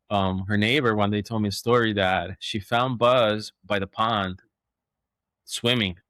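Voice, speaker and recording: A man, a dog trainer, telling stories in a rambling, animated way with many restarts and acted-out quotes. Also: lowish voice, slow, no echo, clean studio sound. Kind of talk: casual storytelling.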